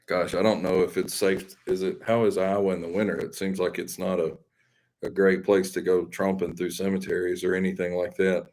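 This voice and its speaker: A Southern man with a deep, low voice chats loosely with his viewers. He rambles and jokes at his own expense in an easygoing, folksy way. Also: level tone, a little fast, a little mellow. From Mississippi. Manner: rambling, folksy, self-deprecating. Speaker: live stream host. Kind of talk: casual chat with viewers.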